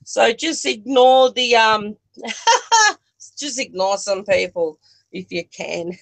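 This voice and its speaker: A gravelly, mid-range voice with a steady tone speaks slowly on a rough recording. It belongs to an Australian-accented livestream co-host who giggles a lot and chats casually to viewers and chat from their bedroom, filming on a phone attached to a selfie stick.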